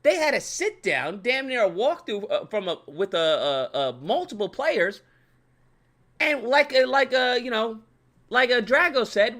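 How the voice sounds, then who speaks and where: A young man hosts his channel in a profane, exasperated rant. His voice sits high and bright, and it swings widely up and down as he fumes and mocks. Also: big pitch swings, unhurried. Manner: profane, exasperated ranting with mocking put-on voices. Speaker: channel host. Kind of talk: casual ranting commentary.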